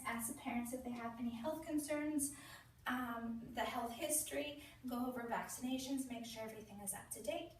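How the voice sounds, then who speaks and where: A woman's voice: high voice, a little hiss or hum. A young woman student nurse demonstrating a child's head-to-toe check, narrating each step and coaxing the patient in a playful sing-song voice. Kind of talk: demonstrating a clinical assessment. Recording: very echoey room, voice from a distance.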